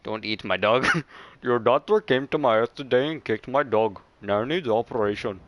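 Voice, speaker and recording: A young man chatting excitedly and teasing his friends while playing a game over a headset, swearing often. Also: medium pitch, moderate pace, lo-fi sound. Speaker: gamer. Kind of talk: casual gameplay chat with friends.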